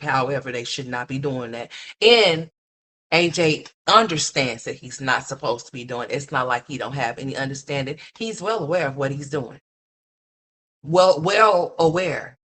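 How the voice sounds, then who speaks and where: A woman's voice: fairly bright tone, husky. A woman hosting a commentary livestream, scolding and mocking in a blunt, profane ranting style. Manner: mimics others in a higher voice. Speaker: commentary streamer.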